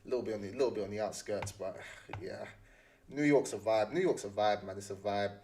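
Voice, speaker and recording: A man's voice: fairly low pitch, fairly quick, darkish tone, recorded from a distance. A young man chatting casually, full of slang and repeating his phrases as he rambles. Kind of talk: casual chat.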